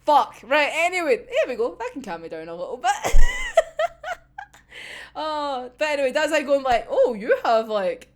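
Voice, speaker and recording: Giddy high-voiced young woman. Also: big pitch swings, normal speed. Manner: gushing, rambling, swears a lot, laughs often. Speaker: anime reviewer. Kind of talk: excited episode discussion.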